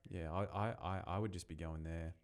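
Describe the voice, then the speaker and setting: A man with a fairly low voice hosts a relaxed podcast chat. He sounds easygoing and offers advice in a loose, unhurried way, often breaking into laughter. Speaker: podcast host. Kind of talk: casual podcast interview.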